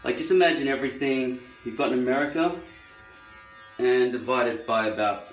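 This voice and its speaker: A man's voice: medium pitch, a little fast, slight background noise. An Australian man rambling wryly to camera in a casual vlog, musing aloud as he trims his hair. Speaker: vlogger. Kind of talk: casual monologue while trimming hair. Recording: echoey room, faint music. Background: electric trimmer buzzing.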